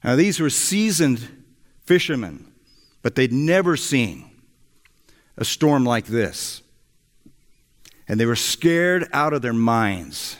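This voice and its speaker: Slow, expressive male preacher in a hall. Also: medium pitch. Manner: slow, storytelling delivery. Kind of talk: sermon. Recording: echoey hall.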